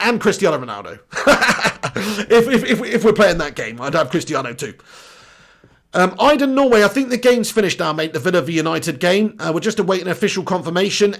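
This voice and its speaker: A young English man hosts a live football chat and answers viewer comments. He talks bluntly and casually and swears freely. His voice sits high with a gravelly rasp. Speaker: football channel host.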